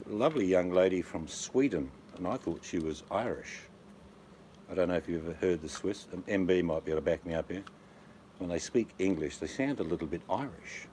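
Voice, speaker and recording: A man's voice: low voice, a little mellow, slight background noise. A man chatting casually as a host, telling rambling stories with jokes. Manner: rambling, joking storyteller. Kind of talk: casual chat.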